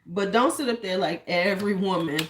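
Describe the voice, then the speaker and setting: Speaking fairly quickly in a medium-pitched voice, a woman beauty vlogger gives frank, casual commentary full of swearing and retells stories by performing people's lines. There's slight background noise.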